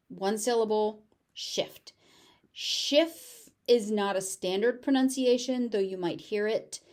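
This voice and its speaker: A woman with a General American accent teaches English pronunciation, pronouncing each word slowly and carefully and repeating it several times. Her voice is medium in pitch and a little mellow.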